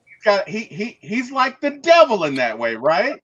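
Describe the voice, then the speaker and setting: A man hosting a casual movie review, retelling scenes in an animated way and acting out the characters' lines. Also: high-pitched, normal speed, muffled recording. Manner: animated storyteller, acts out quotes, frequent "right?".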